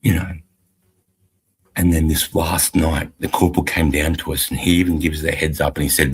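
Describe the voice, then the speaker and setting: A middle-aged Australian army veteran hosting a live stream, telling a war story in a blunt, profane, casual way. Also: male voice, extremely low pitch, a little fast, breathy edge, rough recording.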